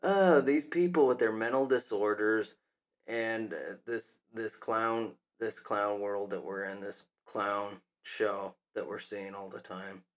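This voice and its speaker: A man's voice: on the low side, steady tone, slow pace. A man hosting a commentary podcast, talking in a scornful, mocking way. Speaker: podcast host.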